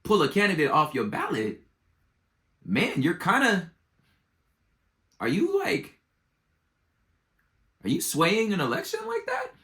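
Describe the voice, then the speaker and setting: Bright-voiced, slangy man explaining politics. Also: high voice, slow, long pauses. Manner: slangy, animated storytelling, acting out both sides. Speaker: podcast host. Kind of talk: casual political commentary.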